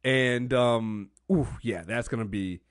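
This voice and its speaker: A man co-hosting a podcast, chatting casually, laughing often and acting out characters in loud bursts. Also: medium pitch, slow, smooth, no room sound, studio quality. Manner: laughing, animated, acts out characters with loud outbursts. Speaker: podcast co-host. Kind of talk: casual chat.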